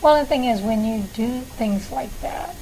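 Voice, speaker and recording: A woman guest in casual conversation, chiming in and agreeing warmly. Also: fairly high pitch, measured pace, background noise.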